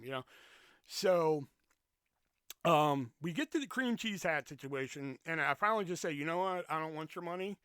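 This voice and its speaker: A man's voice: on the high side, moderate pace, smooth, no echo. Profane man ranting on a podcast. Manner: profane, rambling, animated retelling. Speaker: podcast host. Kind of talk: casual storytelling rant. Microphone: podcast mic with pop filter.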